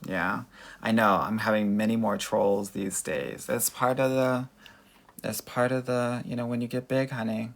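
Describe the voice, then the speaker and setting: Gravelly-voiced man with Valley Girl manner. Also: on the low side, steady tone, a little slow. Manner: chatty, calls viewers girl and honey. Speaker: dating coach. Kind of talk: livestream Q&A answering chat comments.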